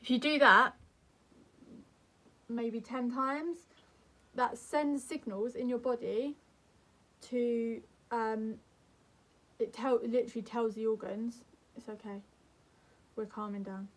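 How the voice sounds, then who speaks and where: A young woman vlogger giving calm, earnest advice to camera in a gentle, soothing way. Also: on the high side, slow, long pauses. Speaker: mental health vlogger.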